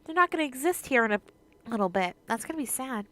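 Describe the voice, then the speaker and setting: A woman's voice: on the high side, expressive, quick pace, pushed and bright, no echo. A woman playing a story game and commenting on it, reacting emotionally and expressively. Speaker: game streamer. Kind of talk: let's-play commentary.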